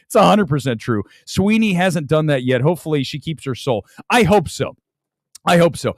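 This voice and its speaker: Animated, high-voiced ranting man. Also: normal speed, no room sound. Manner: animated, ranting, reads viewer super chats. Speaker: movie talk show host. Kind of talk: livestream movie review chat.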